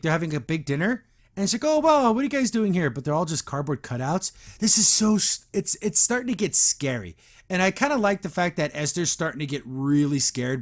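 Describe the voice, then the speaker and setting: A man hosting a podcast, recapping a show episode in a rambling, exasperated, casual way with many fillers and restarts. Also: fairly high pitch. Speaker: podcast host.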